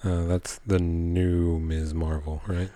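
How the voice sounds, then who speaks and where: A man's voice: low-pitched, flat delivery, slow pace, mellow, dry recording. A man co-hosting a podcast in laid-back casual chat, dry and teasing. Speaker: podcast co-host.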